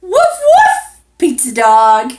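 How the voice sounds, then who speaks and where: An eager little girl from a storybook, as a woman puts her on, squeals her greetings in a very high, bright voice. Each hello bounces up and down with big swoops of pitch. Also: wildly swooping pitch, drawn-out words, echoey room, heavily acted. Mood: excited, squealy. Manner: squealing, sing-song greetings. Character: eager hungry little girl waiting for pizza.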